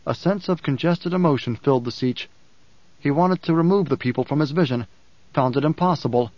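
A man narrating an audiobook in a measured, solemn reading. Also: on the high side, darkish tone, dry recording, highs cut off. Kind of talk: scripted narration.

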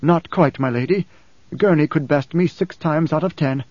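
A man voicing a tense male pilot and swordsman who talks in a curt, gruff, grating way. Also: fairly high pitch, moderate pace, darkish tone, dry recording, close to an everyday voice. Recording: slightly dull dry recording.

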